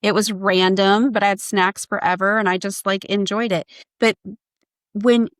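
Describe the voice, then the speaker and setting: A woman in her fifties, a guest coach and author, talking candidly in a casual podcast conversation with blunt, animated asides. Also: medium pitch, normal speed, dry recording.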